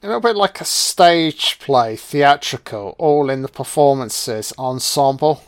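A man's voice: medium pitch, lively intonation, measured pace, clean tone. Foul-mouthed man reacting to a film. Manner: profane, reactive, talks back at the screen. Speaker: film commentator. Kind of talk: casual watch-along film commentary.

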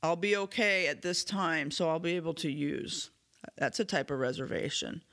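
A man with a somewhat high, sharp and bright voice hosts a recovery podcast on his own. He speaks in an earnest, candid and self-reflective way. His voice is a little hoarse, and he clears his throat from time to time. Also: moderate pace. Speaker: podcast host. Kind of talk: solo recovery podcast talk.

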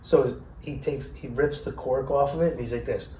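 A man spins a crude, lively story on a podcast and slips into voices for the people in it. He sits back from the mic in a roomy space. A faint hiss runs under his voice. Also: mid-range voice, moderate pace, recorded from a distance. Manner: profane, animated storyteller who acts out quotes. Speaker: podcast host. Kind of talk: casual storytelling.

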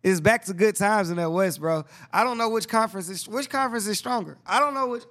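Casual podcast host, male, a little higher-pitched, excitable, slangy and repetitive. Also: quick pace. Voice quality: excitable, slangy, repeats himself. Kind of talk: casual basketball chat.

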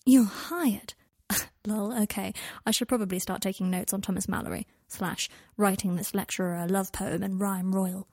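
A woman's voice: mid-range voice, a little mellow, dry recording, clean studio sound. A woman narrating a story aloud, reading every character's texts and dialogue herself. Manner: reads both characters' dialogue and texts in one voice. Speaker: fan fiction audiobook reader. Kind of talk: scripted narration.

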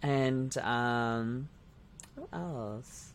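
A man's voice: medium pitch, very slow. A man co-hosting a podcast, a drag performer chatting casually and rambling with lots of filler words. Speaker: podcast co-host. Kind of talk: casual chat.

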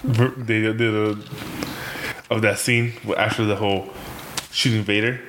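A man's voice: fairly low pitch, steady tone, a little slow. Young man, casual podcast co-host, laughs and swears a lot, faint hiss behind. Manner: laughing, swearing, acts out quotes. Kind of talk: casual chat.

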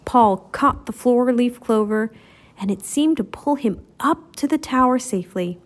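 A woman's voice: fairly high pitch, animated, a little slow. A woman reading a children's storybook aloud, narrating expressively. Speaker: storybook reader.

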